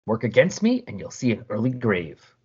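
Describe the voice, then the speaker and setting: A man voicing a smug, cruel male demon overlord who speaks slowly and mockingly. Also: fairly low pitch, huge pitch swings, a little mellow, breathy edge, exaggerated voice. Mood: gloating. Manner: slow, mocking, falsely sorrowful. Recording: dull lo-fi recording.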